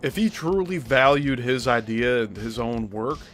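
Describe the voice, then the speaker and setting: A man's voice: medium pitch, lively intonation, unhurried, a bit bright, faint music behind. A man hosting a show, giving critical, explanatory commentary on a script. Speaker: host.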